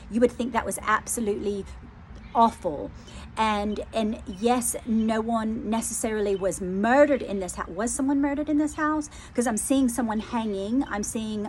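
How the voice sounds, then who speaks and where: Woman, psychic medium, channelling reading, hesitant, repeats herself, soft and moved, mid-pitched, faint background hiss. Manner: hesitant, repeats phrases, many fillers.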